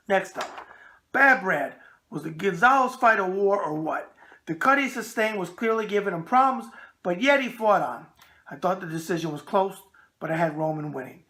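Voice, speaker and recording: A middle-aged man with a New York accent hosts a casual boxing mailbag show. His voice is bright and forward, and he talks bluntly and animatedly. He often stumbles over words and laughs at himself. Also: sits high, slight background noise. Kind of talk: casual video mailbag chat.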